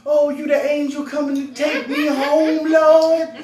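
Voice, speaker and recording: A man voicing an astonished old enslaved mother in a comic retelling, shouting in disbelief in a high voice. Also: little pitch movement, unhurried, reverberant, recorded from a distance, crowd noise.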